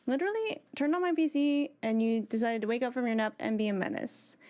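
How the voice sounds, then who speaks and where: A woman's voice: fairly high pitch, animated, a little fast, few pauses, mellow. A woman live streaming from home on a desk microphone, chatting casually with her viewers and greeting them one by one.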